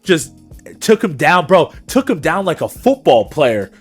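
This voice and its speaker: A man's voice: on the high side, sing-song, measured pace, breathy edge, faint music behind. A young man co-hosting a podcast, recapping fights in casual, slangy chat and adding his own punch sound effects. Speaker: podcast co-host.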